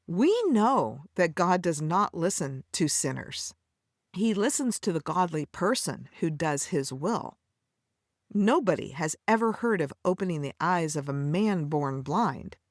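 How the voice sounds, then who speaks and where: A woman's voice: low voice, dry recording, clean studio sound. A woman podcast host giving a scripted devotional Bible teaching, speaking tenderly to the listener as a friend and telling the story with a dramatic cadence.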